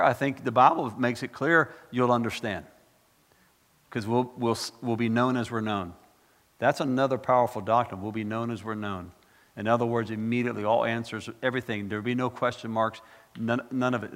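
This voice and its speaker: Fervent male preacher in a reverberant hall. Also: medium pitch. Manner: dramatic, swings from loud exclaiming to hushed asides; asks the congregation questions. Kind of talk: sermon.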